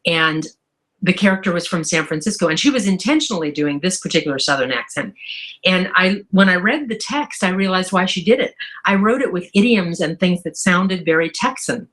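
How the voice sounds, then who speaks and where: A woman's voice: on the low side, expressive, a little fast, fairly bright tone. A woman author answering interview questions in a thoughtful, enthusiastic way. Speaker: author guest.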